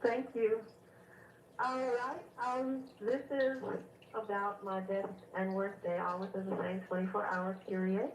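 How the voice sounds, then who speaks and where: A woman calling in to a radio show, telling a long story in a rambling, animated way with many fillers. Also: medium pitch, unhurried, echoey room, far from the mic, slight background noise, low-quality recording. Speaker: caller. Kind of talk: phone-in storytelling.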